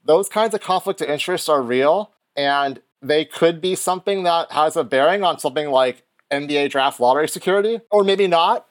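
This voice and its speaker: A man co-hosting a podcast, talking things through in a measured, analytical way. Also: on the high side. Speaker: podcast co-host. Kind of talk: casual podcast chat.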